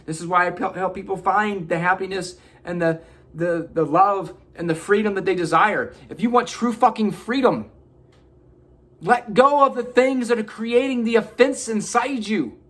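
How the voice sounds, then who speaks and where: A man's voice: high voice, moderate pace, a bit bright. A man giving an earnest, preachy motivational self-help talk, swearing casually. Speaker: motivational vlogger.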